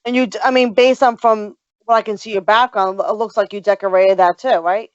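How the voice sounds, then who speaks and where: A woman's voice: medium pitch, fairly even intonation, brisk, no room sound, lo-fi sound. A woman hosting a casual podcast interview, eagerly asking curious questions. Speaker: podcast host.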